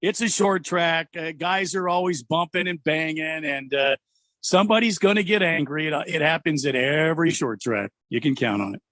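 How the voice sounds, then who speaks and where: A man's voice: a little high, moderate pace, fairly bright tone, no room sound. A man in his sixties co-hosting sports talk radio, folksy and grumbling, with many fillers. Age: 60s. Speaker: radio co-host.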